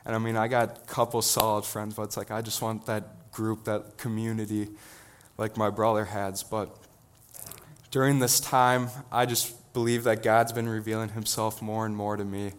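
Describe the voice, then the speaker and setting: A teenage boy preaching a sermon in an earnest, halting way, with many restarts. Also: lowish voice, flat delivery, smooth. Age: teens. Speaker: student preacher.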